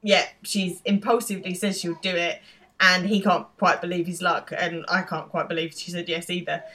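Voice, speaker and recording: Female co-host, lowish pitch, relaxed and chatty, quick to laugh. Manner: chatty, laughing, lots of ums and yeahs. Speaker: podcast co-host. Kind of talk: casual chat recapping a TV episode.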